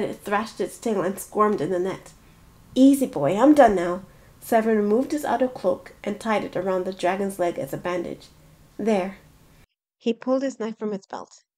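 A woman reading her own fantasy novel aloud in a steady, expressive storybook narration. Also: medium pitch, moderate pace, few pauses.

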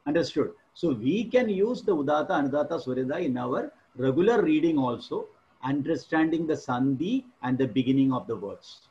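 A middle-aged man with a Malayali English accent gives a classroom lecture and repeats key terms patiently. He breaks into chanted syllables and keeps asking if the class follows. His voice sits at an ordinary pitch, and the recording sounds dull and lo-fi. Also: a little mellow. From India. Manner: explanatory, repeats terms, chants Vedic syllables, checks understanding. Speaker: Sanskrit professor.

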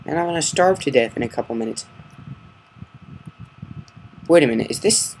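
A man's voice: a little high, expressive, normal speed, long pauses, a little hiss or hum, poor audio. Man muttering over gameplay. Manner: muttering curses under his breath, then loud outbursts. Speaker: gamer narrating his gameplay. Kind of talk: casual Let's Play commentary.

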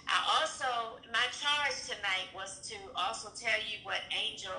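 Middle-aged mom reading a note out, bright voice, echoey room, faint noise. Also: female voice, a little high, unhurried. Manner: warm, emotional, laughs often while reading. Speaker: guest, mother reading a message. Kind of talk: reading a message aloud with chat.

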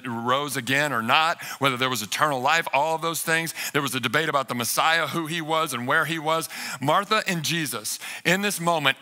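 A man preaches from the pulpit with a very bright, ringing tone and a voice on the higher side. He talks to the congregation conversationally, dropping low and quiet for tender moments, then rising high and lively to make a point. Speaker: pastor. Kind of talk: sermon. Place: church sanctuary.

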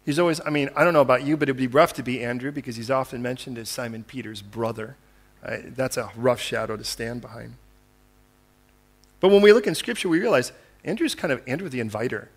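A man, a pastor, preaching a conversational sermon, acting out the words of biblical figures and moving between quiet asides and loud, fervent appeals. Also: medium pitch, a little fast, slightly rough.

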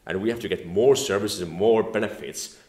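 Estonian-accented man, low voice, halting non-native English, after-dinner speech, echoey banquet hall. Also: a little mellow. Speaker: politician giving a speech. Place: banquet room at a formal dinner.

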